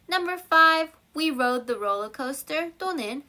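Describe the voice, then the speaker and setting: A woman's voice: a little high, expressive, takes it slowly, bright, forceful tone. A woman with a Korean accent teaching an English grammar lesson, switching between English and Korean and reading example sentences with big expression.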